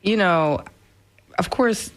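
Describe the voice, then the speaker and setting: A cheerful woman in her forties, a guest chatting about animal rescue in a radio studio, upbeat and quick to laugh. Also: mid-range voice. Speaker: animal rescue founder and hair stylist, guest. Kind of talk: casual radio interview chat.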